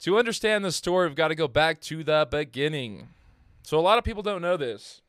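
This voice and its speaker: A man's voice: fairly high pitch, lively intonation, brisk, a bit bright, smooth, dry recording, studio quality. A man hosting a podcast, telling a story in casual chat with lots of fillers and restarts. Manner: rambling, filler-heavy, laughs at own jokes. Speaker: podcast host.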